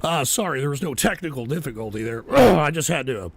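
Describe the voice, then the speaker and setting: A man hosting a live political show, ranting with constant swearing, his voice hoarse and strained. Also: a little high, very animated, fast. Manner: profane, angry ranting at chat. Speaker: political talk show host. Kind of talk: livestream political rant.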